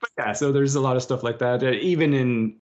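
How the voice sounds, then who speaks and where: A man rambling in casual podcast chat, jumping into animated retellings and little quoted voices. His pitch sits in the middle for a man. The recording sounds a bit dull and lo-fi. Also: brisk. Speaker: podcast host.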